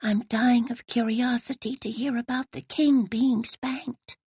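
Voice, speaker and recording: A woman doing a hushed, eager young girl. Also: fairly high pitch, steady tone, a little slow, breathy edge, no echo, voice pushed up, heavily acted. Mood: eager whisper. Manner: hushed, whispering.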